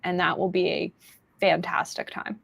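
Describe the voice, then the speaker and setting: A woman hosts a relaxed podcast chat, wandering from one thought to the next with plenty of ums and easy laughs. Her voice has a gravelly, fried edge. It sits close and dry on the mic. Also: on the low side, moderate pace, dry recording. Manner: rambling, chatty with fillers and laughs. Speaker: podcast host. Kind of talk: casual chat.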